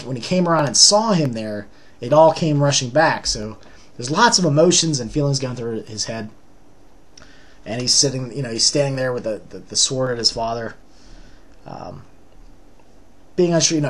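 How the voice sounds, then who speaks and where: A man recaps a tabletop role-playing session in a casual, rambling way, leaning on fillers as he goes. His voice is bright and forceful at an ordinary pitch.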